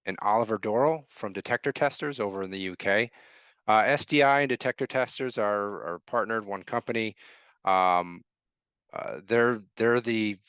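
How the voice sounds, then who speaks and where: Loose-talking podcast host. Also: male voice, lowish voice, fairly bright tone, smooth, no echo. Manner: loose, hesitant, many fillers and restarts, laughs easily. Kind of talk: casual podcast chat. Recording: dry, slightly dull sound.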